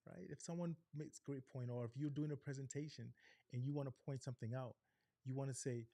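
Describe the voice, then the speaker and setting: A middle-aged man coaching a live online workshop, animated, deliberately shifting his pace and pitch and often checking in with "right?". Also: vocal fry, dry recording, clean studio sound. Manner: animated, varies pitch and pace on purpose, frequent "right?" tags. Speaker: on-camera presentation coach.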